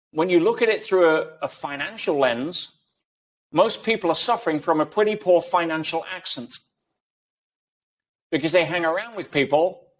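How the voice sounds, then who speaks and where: A man guest in an interview, explaining ideas emphatically through everyday analogies. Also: a little high. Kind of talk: conversational interview.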